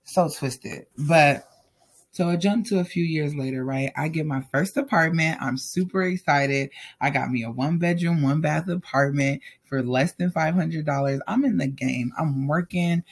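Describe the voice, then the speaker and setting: His voice runs a bit high and slightly rough, at a normal speed, as he tells viewers a personal story. The delivery is casual, frank, and lively, aimed straight at the people watching.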